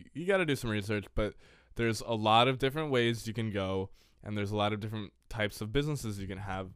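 A man's voice: lowish voice, a bit bright, smooth, dry recording, clean studio sound. A man hosting a podcast in casual chat, teasing and joking, often laughing as he talks, recorded on a podcast mic in a small closet room. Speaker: podcast host. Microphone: podcast microphone.

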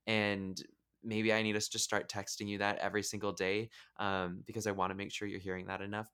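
A man hosting a podcast, gushing warmly over his guest with many fillers and restarts. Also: deep voice, smooth. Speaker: podcast host. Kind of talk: casual podcast chat.

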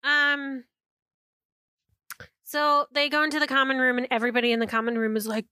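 Bright high-voiced chatty woman. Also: little pitch movement, a little fast, long pauses, dry recording, clean studio sound. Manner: chatty, retells scenes, many "like" fillers. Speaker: podcast co-host. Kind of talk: casual chat.

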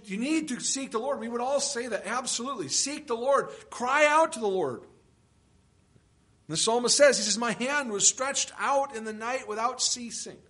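A man's voice: high voice, fairly bright tone. A man preaching an expository sermon as pastor, emphatic and full of rhetorical questions.

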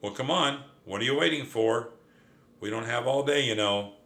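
A man's voice: medium pitch, moderate pace, a bit bright, close to an everyday voice. A man voicing an impatient, irritating male mouse cousin in a brash, teasing manner in a storybook reading.

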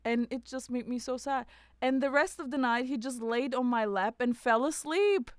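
Chatty woman podcast host with a smooth voice. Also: sits high, normal speed, a bit bright, no echo, studio quality. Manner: chatty, laughs often, frank and playful. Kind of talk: casual podcast chat.

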